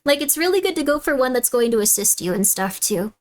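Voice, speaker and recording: Chatty streamer woman with a higher voice. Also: fast. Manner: chatty and animated, laughs often, loud shrill bits when mocking someone. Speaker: streamer reacting to videos and chat. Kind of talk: casual live-stream chat.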